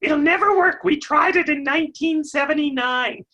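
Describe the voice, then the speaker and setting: A man putting on the voice of a squawking giant seagull that stands for a nagging naysayer, shouting complaints. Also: very high-pitched, moderate pace, muffled recording, voice pushed up. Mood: shrill scolding.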